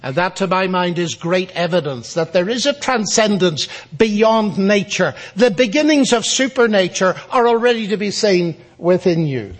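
Man, high voice, public lecturer, wry storyteller. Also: lively intonation, normal speed, hardly any pauses. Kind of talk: lecture with anecdote.

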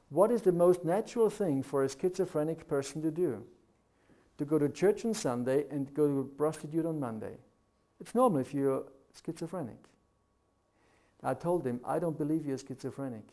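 A middle-aged man with a German accent, whose first language is German, preaching a sermon. He talks earnestly and builds to animated rhetorical questions. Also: fairly high pitch.

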